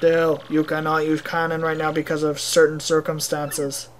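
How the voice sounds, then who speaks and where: A woman voicing gruff male bomb villagers with a deliberately clumsy mock Russian accent, clipped and theatrical. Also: low voice, little pitch movement, lightly acted. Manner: terse, clipped, theatrical, with "da" fillers.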